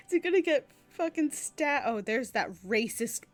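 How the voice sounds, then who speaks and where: A woman's voice: high-pitched, animated, normal speed, soft background music. A young woman streaming a game, chatting casually, gushing and swearing as she reacts.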